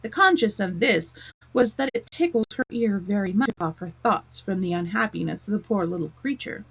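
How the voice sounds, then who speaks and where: A woman reading a children's storybook aloud in a gentle, expressive way. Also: mid-range voice, moderate pace, vocal fry, slightly rough, poor audio.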